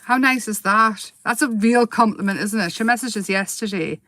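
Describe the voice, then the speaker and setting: A woman's voice: mid-range voice, normal speed, sharp tone. Lady chatting thru a live craft demo, giggly, talks while she paints. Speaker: craft demonstrator hosting a weekly live.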